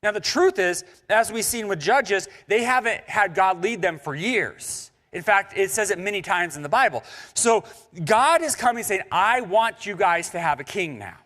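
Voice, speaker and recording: A man's voice: high-pitched, moderate pace. A young man preaching a sermon in a church, conversational and joking with the congregation. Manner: animated and conversational, with jokes and asides to the congregation. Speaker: pastor. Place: church sanctuary.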